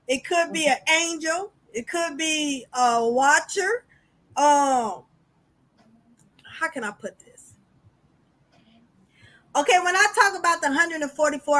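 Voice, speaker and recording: A high, bright woman hosting a spiritual podcast in an animated, chatty way. She talks straight to her listeners and calls them y'all. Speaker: podcast host. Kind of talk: casual spiritual podcast talk.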